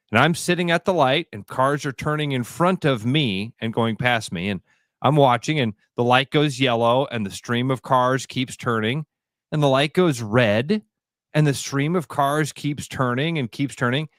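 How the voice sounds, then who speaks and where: A man's voice: mid-range voice, a little slow, dry recording, studio quality. A radio co-host, a man, telling stories in casual morning banter and acting out the people in them. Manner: animated storyteller, acts out quotes.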